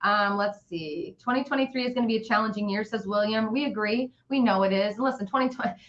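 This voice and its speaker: A woman's voice: medium pitch, fast talker, highs cut off. A woman hosting a casual live real estate chat, blunt and jokey, reading out viewer questions. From Las Vegas area. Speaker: real estate agent, show host.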